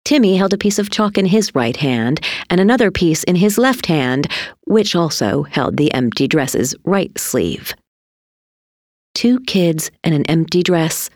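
Lady reading a kids story, low voice, swoops all over, dry close sound. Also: no room sound. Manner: slow and highly animated. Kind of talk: expressive storybook read-aloud.

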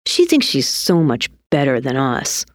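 A woman reading a storybook aloud, voicing a grumbling ten-year-old boy in a lower, mumbly voice. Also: huge pitch swings, unhurried, no room sound, studio quality, heavily acted. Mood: sulky.

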